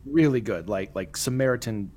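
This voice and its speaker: A man's voice: mid-range voice, moderate pace. A man co-hosting a casual movie-review chat, adding jokes and comments with lots of fillers. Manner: animated joking commentary with fillers. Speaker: podcast co-host.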